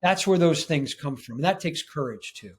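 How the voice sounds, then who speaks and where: A man's voice: on the high side, lively intonation, normal speed, husky. A man speaking as a guest in an interview, in an earnest, emphatic way. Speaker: podcast guest. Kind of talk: casual interview chat.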